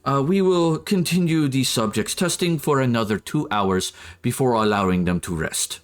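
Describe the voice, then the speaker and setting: A man's voice: mid-range voice, moderate pace, close to an everyday voice. A man doing a creepy clinical scientist. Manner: clinical, detached report. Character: creepy cold male lab scientist.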